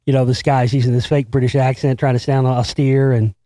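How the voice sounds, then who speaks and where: A man's voice: mid-range voice, little pitch movement, brisk, dark tone, dry recording. An American man hosting a casual solo talk show, rambling and profane, laughing at his own stories. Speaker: host.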